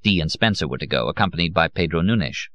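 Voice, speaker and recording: A deep-voiced man reads an audiobook with expressive, theatrical delivery. His intonation rises and falls a lot. The recording is dry and close but dull and muffled. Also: quick pace, no echo. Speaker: audiobook narrator. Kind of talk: audiobook reading.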